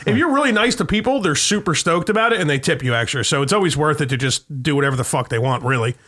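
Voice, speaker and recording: Podcast co-host, man, fairly high voice, rambling and profane, mimics people mid-story. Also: lively intonation, fast talker, a bit bright. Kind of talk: casual chat.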